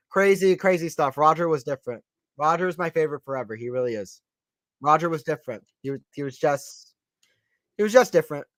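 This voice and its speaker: A fairly high-pitched man calls a tennis match live for his stream, upbeat and chatty. He keeps repeating lines and talks straight to viewers between points. The sound is dry and close. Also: dry recording. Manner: excited, chatty, repeats phrases, reads out chat. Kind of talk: casual play-by-play tennis commentary.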